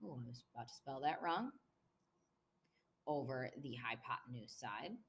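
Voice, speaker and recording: A woman's voice: a bass voice, animated, moderate pace, a little hiss or hum. A woman teacher recording a math lesson review, explaining patiently step by step as she writes on the board.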